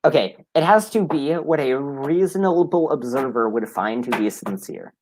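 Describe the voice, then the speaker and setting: A man arguing in a heated live debate, insistent and pressing, repeating his demands and pushing his point without letting go. His voice sits at an ordinary middle pitch. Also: expressive, normal speed, a little mellow, slight background noise. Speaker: debater arguing against a belief.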